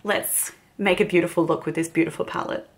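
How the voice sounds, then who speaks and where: A woman's voice: on the low side, steady tone, a little fast, vocal fry. A young Australian woman with a bubbly, chatty manner who laughs often, hosting a casual beauty video. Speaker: beauty vlogger.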